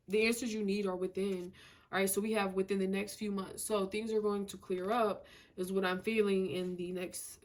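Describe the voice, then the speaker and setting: A woman giving a casual tarot reading to camera, emphatic and slangy, repeating herself and filling with "you know" and "like". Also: medium pitch. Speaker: tarot reader.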